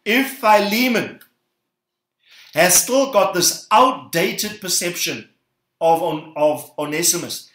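A male pastor delivers a sermon, his fairly high voice leaping up to stress key words. He calls the congregation to repeat phrases after him. The sound rings through a roomy, reverberant hall. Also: fairly bright tone. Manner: emphatic, rising bursts, calls the congregation to repeat.

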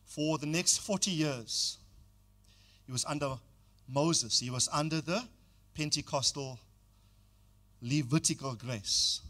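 A man's voice: on the high side, takes it slowly, pauses often, fairly bright tone. An older man preaching a sermon as pastor, exhorting the congregation and calling on them to repeat phrases.

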